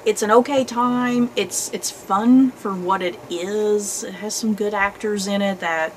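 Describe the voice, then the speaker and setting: A woman hosting a casual movie review chat, animated and chatty, often laughing. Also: medium pitch, measured pace, slight background noise, rough recording. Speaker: host.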